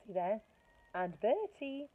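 A woman's voice: on the high side, big pitch swings, slow, pitched above the performer's own voice, full character voice. A woman voicing a stern, no-nonsense mother who speaks firmly and dryly, heard through a tinny phone-like line. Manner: firm, dryly sarcastic.

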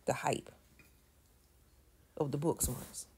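A woman's voice: low-pitched, steady tone, takes it slowly, mellow, slight background noise. A woman talking casually to her audience, emphatic, repeating and restarting her words and sometimes dropping to a near-whisper. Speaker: channel host. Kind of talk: casual commentary to camera.

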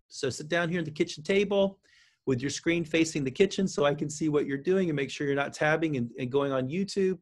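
A man speaking as a counselor guest in an interview, explaining parenting advice with lively delivery and frequent restarts. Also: fairly high pitch, a little fast. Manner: animated, acts out parent and child lines, frequent restarts. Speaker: counselor and author.

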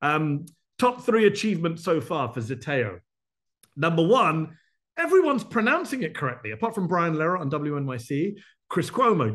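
Brisk, animated man with a higher voice. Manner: brisk and animated, lists points, quick asides. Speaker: host answering members' questions. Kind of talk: live Q&A town hall, off-the-cuff answers.

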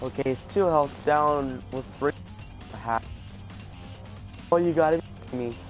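Excitable man doing game commentary. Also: on the high side, a little slow, over music. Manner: excitable, panicky exclamations, repeats himself. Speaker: gaming video host. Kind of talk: casual let's play commentary.

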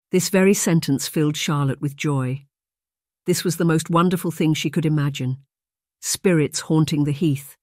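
An audiobook narrator reading a historical romance in an even, measured way. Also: mid-range voice, dry recording, clean studio sound. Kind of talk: scripted narration.

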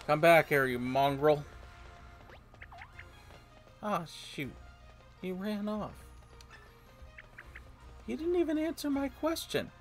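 A man's voice: high-pitched, lively intonation, slow pace, long pauses, soft background music. A man playing a video game and commenting casually, playfully reading the game's lines aloud in silly voices. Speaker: let's play gamer. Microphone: desk microphone at a computer.

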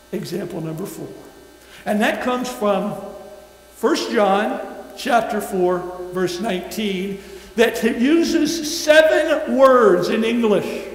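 Guy preaching, real high voice, slow and deliberate, big echoey church hall. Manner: emphatic, slow deliberate phrasing, leads call-and-response. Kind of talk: sermon. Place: church sanctuary.

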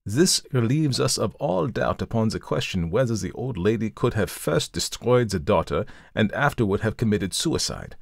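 A man voicing a methodical male detective who explains his reasoning in a measured, formal way, in a storybook reading. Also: on the low side, animated, gravelly, no echo, clean studio sound. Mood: lecturing. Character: coolly analytical male detective, methodical, lecturing. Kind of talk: audiobook reading of a classic story.

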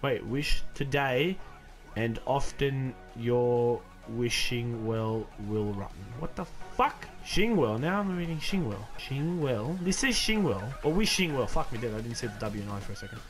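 A man hosting a gaming channel, loudly and sillily commentating a co-op zombie game, yelling, laughing and repeating words. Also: medium pitch, lively intonation, a little slow, faint music behind. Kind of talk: excited gaming commentary with a friend.

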